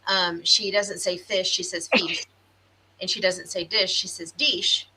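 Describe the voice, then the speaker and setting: Reading out viewer comments, a talkative woman with a Southern American accent co-hosts a live-streamed podcast in casual conversation. She speaks at normal speed in a lowish, level voice with a sharp edge, on poor audio with a little hiss or hum.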